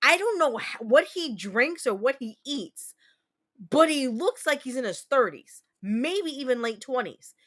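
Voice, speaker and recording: A woman in her thirties hosts a casual livestream chat in a high, animated, unhurried voice. She's a candid, profane storyteller who answers viewer comments.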